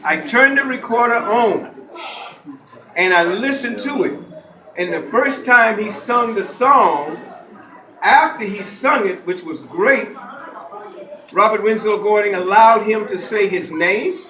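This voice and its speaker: A man's voice: sits high, slow, pauses often, bright, forceful tone. A middle-aged man gives a lecture to a live audience and leads call-and-response. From Gullah Geechee coast of the US. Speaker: lecturer and author. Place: college hall, indoors. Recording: echoey hall with faint ambience.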